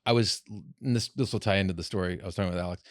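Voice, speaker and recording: A man's voice: deep voice, steady tone, rapid-fire, no room sound, clean studio sound. A man hosting a podcast, telling a long rambling story with plenty of swearing and restarts. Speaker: podcast host. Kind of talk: casual podcast chat.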